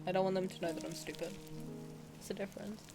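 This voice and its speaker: A woman's voice: mid-range voice, fairly even intonation, quick pace, creaky, music in the background. A young woman streamer chatting casually and candidly while she plays a game, joking and swearing freely. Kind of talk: casual live-stream chat while gaming.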